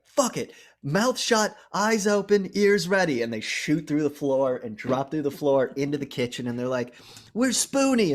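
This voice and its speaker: Podcast co-host, man, mid-range voice, loose and profane, animated plot recap. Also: mid-range voice. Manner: animated storytelling, heavy swearing, acts out quotes. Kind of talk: casual movie recap.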